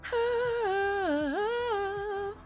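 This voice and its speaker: A woman streamer chatting casually to her viewers, gushing and excitable. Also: extremely high pitch, extremely slow, soft background music. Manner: gushing and excitable, talks to chat. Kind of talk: casual live-stream chat.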